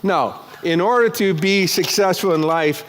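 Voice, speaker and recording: A man giving a live motivational keynote speech on a conference stage, energetic and joking, with crude asides. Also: high-pitched, measured pace, a little hiss or hum. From United States. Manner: energetic, jokey, crude asides, acts out characters. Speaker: motivational speaker.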